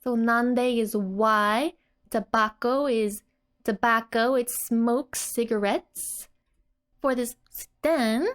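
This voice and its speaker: A young woman explains a language lesson in a relaxed, casual way and laughs often as she goes. She speaks slowly and deliberately. Her voice sits a little higher than average. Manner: giggles often between explanations. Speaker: language teacher.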